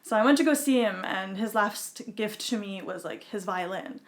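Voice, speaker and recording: A woman from Quebec, Canada, speaking at medium pitch and normal speed, tells a personal story as a podcast guest. She's casual and chatty, peppering her talk with "like" and "type thing," and acts out quotes as she goes.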